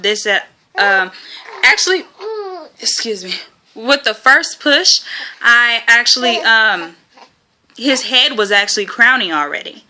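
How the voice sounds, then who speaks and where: A woman's voice: on the high side, pushed and bright. A young woman vlogger telling a rambling story in a casual, chatty way, with lots of fillers and frequent laughter.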